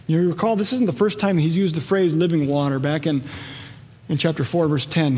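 A man with a notably high voice delivers a Sunday sermon, moving from relaxed, chatty storytelling into emphatic, rising passages. His words carry a long reverberant tail, as if spoken in a large sanctuary. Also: fairly quick, slight background noise. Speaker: pastor.

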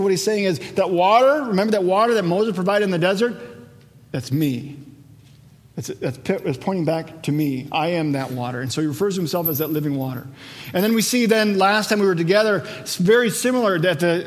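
High-voiced pastor in a reverberant hall. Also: male voice. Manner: conversational, slows down for quoted scripture. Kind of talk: sermon.

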